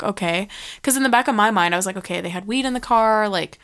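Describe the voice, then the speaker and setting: Clear-voiced woman, blunt and profane. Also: mid-range voice, rapid-fire, a bit bright. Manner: blunt, heavy swearing, quotes herself dramatically. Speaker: podcast guest. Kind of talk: casual storytelling.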